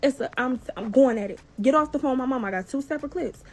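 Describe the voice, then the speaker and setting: A woman vlogger telling a story in a casual, animated, profane way, acting out each person's lines. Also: high-pitched, quick pace. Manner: animated, profane, acts out dialogue.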